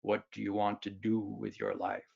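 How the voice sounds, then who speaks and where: A deep, gloomy middle-aged father speaks slowly and gravely, with deadpan warnings, as a man acts him out. The voice sits low and heavy. The recording sounds dull and lo-fi. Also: full character voice.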